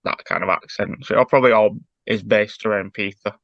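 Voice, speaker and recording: A man's voice: on the low side, fairly even intonation, fairly quick, vocal fry, a bit bright, no room sound, lo-fi sound. A man, co-hosting a podcast in casual chat and analysing a cartoon with many fillers. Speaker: podcast co-host.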